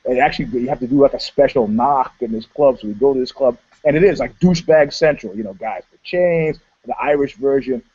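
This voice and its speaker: A man co-hosting a podcast, telling stories in casual chat in an animated, laughing way. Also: medium pitch, a little fast, hardly any pauses, husky, muffled recording. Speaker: podcast co-host.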